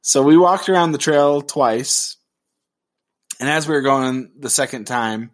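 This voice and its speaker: A man's voice: medium pitch, a little slow. A man in his thirties co-hosting a parenting podcast, telling stories in a casual, joking way. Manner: joking, storytelling. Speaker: podcast co-host. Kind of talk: casual chat.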